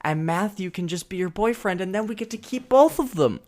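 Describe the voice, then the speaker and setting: Playful podcast co-host with a very expressive, swooping voice. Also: medium pitch, fairly quick. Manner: lively, laughs easily, playful. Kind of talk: casual chat.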